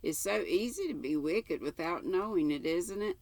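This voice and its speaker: A woman's voice: fairly low pitch, expressive, moderate pace, a little mellow, no echo. An older woman reading aloud and voicing a chatty, imaginative orphan girl in a breathless, eager, rambling way. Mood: eager chatter.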